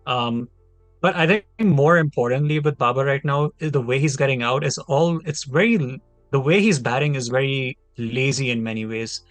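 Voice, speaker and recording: A man's voice: mid-range voice, moderate pace, no room sound, soft background music. A man in his twenties, a podcast panelist giving a long, heated, opinionated take in casual discussion. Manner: opinionated, talks at length, heated.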